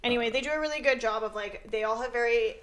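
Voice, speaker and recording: A woman from Canada chatting casually on a podcast, talking fast and searching for names. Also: on the high side, a bit bright. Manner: quick, chatty, trails off to look things up. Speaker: podcast guest. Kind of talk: casual chat.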